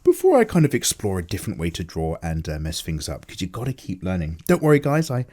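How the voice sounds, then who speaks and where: A man's voice: low voice, wildly swooping pitch, fast, a little mellow. A tired man rambling casually and jokily as the host of an unedited chat. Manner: loose, chatty, jokey, many fillers. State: tired, low energy. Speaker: artist and channel host.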